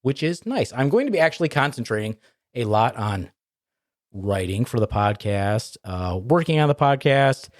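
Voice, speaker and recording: A male comedian on a podcast teasing his co-hosts in a dry, deadpan way. His pitch moves a lot when he gets worked up, and the recording is dry and close. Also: moderate pace, dry recording. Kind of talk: casual comedy podcast banter.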